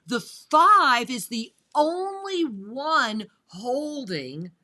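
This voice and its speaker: Woman hosting spiritual radio, bright voice, a bit high, keeps talking to the listeners. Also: very animated, extremely slow. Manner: enthusiastic, addresses listeners directly. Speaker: host. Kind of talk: spiritual talk radio discussion.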